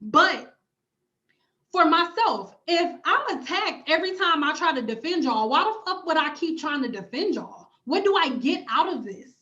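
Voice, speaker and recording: Brief: high-pitched woman, blunt profane livestream rant, slightly dull lo-fi audio. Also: sing-song, normal speed, bright, forceful tone. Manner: blunt, emphatic, profane, repeats phrases for emphasis. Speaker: hair care YouTuber and cosmetologist.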